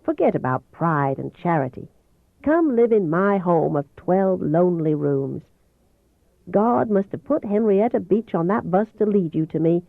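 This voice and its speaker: A woman reading as a kind male doctor with a soft, melodious voice, a slight Southern accent and a calm, coaxing manner. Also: on the low side, measured pace, gravelly, no room sound, heavily acted. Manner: calm, coaxing, gently teasing. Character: kind older male doctor, gentle and persuasive. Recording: dull, dry home recording.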